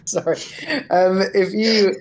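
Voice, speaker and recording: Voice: medium pitch, steady tone, very slow, slight background noise. A player in a tabletop game, talking casually, hesitant and full of fillers but playful.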